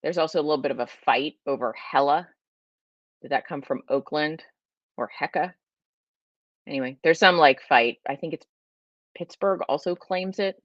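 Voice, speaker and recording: A woman with a Californian accent hosts a livestream, rambling chattily as she answers viewer questions and says "like" a lot. Her slightly nasal voice is lowish and a bit bright, with big pitch swings at a normal speed. The recording is dull, lo-fi and dry, with no room sound.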